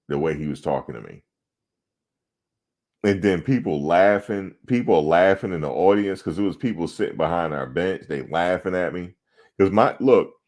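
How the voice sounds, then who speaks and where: A man hosting a sports talk show, telling a profane, animated story about his playing days. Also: low voice. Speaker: show host. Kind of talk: casual storytelling.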